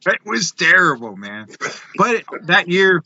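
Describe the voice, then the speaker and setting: Guy in his 50s spinning wild stories, bright forceful voice, kinda dull dry recording. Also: high voice, slow, dry recording. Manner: animated storyteller, acts out voices, laughs, swears. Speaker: podcast guest, wrestler and musician. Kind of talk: casual storytelling.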